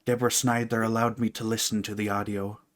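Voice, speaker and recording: A man's voice: on the low side, flat delivery, lightly acted. A podcast co-host putting on an impression of an intense older male documentary filmmaker, solemn and ominous, with faint music behind. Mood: grave. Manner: solemn, slow, ominous warnings.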